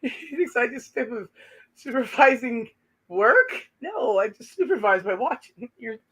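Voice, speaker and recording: A woman's voice: on the high side, lively intonation, a little slow, a bit bright, slightly rough. A woman co-hosting a casual live stream from a garage workshop, giggly and playful. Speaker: co-host.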